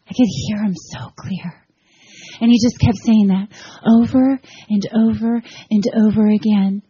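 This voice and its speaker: A woman from Florida in her forties, giving a heartfelt personal testimony to a church group, her voice swinging between soft, tearful and excited. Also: mid-range voice, unhurried, breathy edge, no room sound, lo-fi sound. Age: 40s. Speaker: guest speaker.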